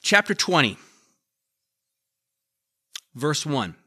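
Guy pastor giving a sermon, bright tense voice, reads scripture then chats and quizzes the crowd. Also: a little high, sing-song, extremely slow, husky.

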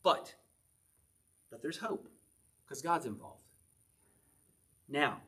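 A man's voice: mid-range voice, expressive, a little slow, long pauses, fairly bright tone, slightly rough. A man preaching a conversational sermon, reading scripture aloud with emphasis and asking his listeners questions. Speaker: pastor.

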